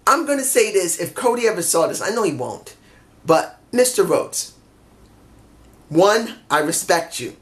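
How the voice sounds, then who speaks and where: A man casually reviewing a wrestling show, excitable, swearing freely and laughing often. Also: high-pitched, a little slow.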